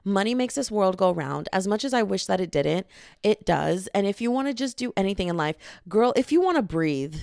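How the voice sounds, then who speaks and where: A young woman hosts her own podcast alone, rambling through jokes at her own expense. Her voice has a steady gravelly fry at the ends of phrases. The sound is close and dry, with no room around it. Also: medium pitch, brisk, dry recording. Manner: rambling, self-deprecating, jokey. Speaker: podcast host. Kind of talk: solo casual podcast chat. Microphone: podcast microphone.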